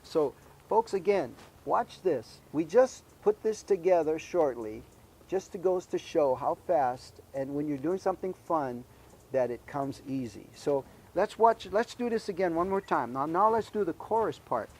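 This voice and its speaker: A man hosting a children's show, gently quizzing young guests and leading sing-alongs. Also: on the high side, animated, a little hiss or hum. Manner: slow, gentle, quizzing kids. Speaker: host. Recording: music behind voice.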